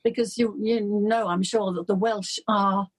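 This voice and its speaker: Husky older woman telling stories. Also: medium pitch, fairly even intonation, measured pace. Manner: warm, laughing, storytelling. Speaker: interview guest. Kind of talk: casual chat.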